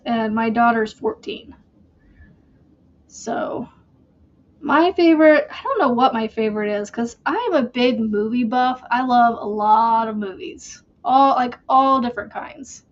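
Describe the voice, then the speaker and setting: A woman's voice: fairly high pitch, muffled recording. A woman hosting a crochet channel, chatting casually and rambling while she works. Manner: slow, rambling, chatty with fillers.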